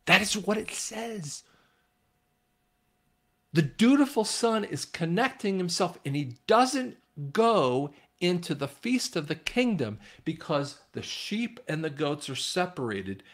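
A man giving informal Bible teaching, rambling with restarts and retelling scripture in a casual, conversational way. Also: on the high side.

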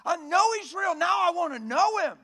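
A man preaching a sermon in a church, folksy and emphatic, often rising to a shout. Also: very high voice, expressive, moderate pace.

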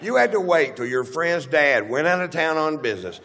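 A man's voice: a little high, sing-song, normal speed, a bit bright. A middle-aged man with a Texan accent doing a crude, rambling stand-up routine on a theater stage, acting out quotes as he goes. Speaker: stand-up comedian. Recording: live theater with long reverb, faint hum.

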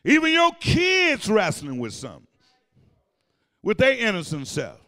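A male pastor preaching to his congregation, his voice pitched strikingly high. He drives the sermon with call-and-response, at times shouting and at times half-singing his lines. The sound rings with the long reverb of a church sanctuary. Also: huge pitch swings, unhurried.

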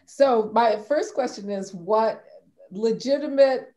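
A woman panelist in an academic discussion, answering in a slow, deliberate way. Her tone is dark and mellow, and she often restarts her sentences as she works through an idea. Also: fairly high pitch. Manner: measured, thoughtful, with frequent restarts.

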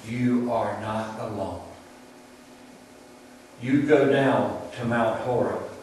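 A male preacher voicing God as a calm, stern presence, speaking in a hushed, measured way. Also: mid-range voice, a little hiss or hum, natural voice. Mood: gently stern. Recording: very echoey room, distant mic.

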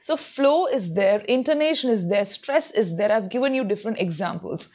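A woman's voice: medium pitch, animated, moderate pace, darkish tone. A woman giving earnest advice in a spoken lesson, repeating words to model how they sound. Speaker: English tutor. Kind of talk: spoken English lesson to camera.

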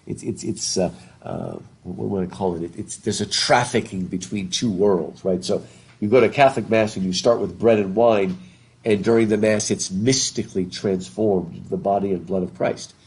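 A middle-aged man lectures a live class, his voice slightly husky and breathy. He rambles and often trips over repeated words, breaking off to put questions to the students. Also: lowish voice, moderate pace, darkish tone. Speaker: literature professor. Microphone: worn mic while masked.

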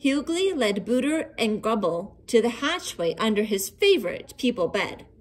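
A woman reading a children's picture book aloud in an expressive, sing-song storytelling manner. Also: on the high side, normal speed. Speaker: storybook reader.

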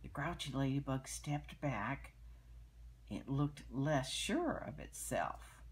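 Slow, husky older woman reading aloud. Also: very deep voice, animated. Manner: gentle, pointing out pictures, explaining. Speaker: storyteller reading to children. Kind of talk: reading a picture book aloud.

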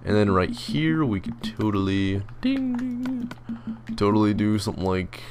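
A man's voice: fairly low pitch, moderate pace, a little mellow, a little hiss or hum. A young man giving casual, rambling gameplay commentary, joking about himself and mimicking his commenters. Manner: chatty, rambling, self-mocking, mimics commenters in silly voices. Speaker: gaming video host. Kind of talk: casual let's-play commentary.

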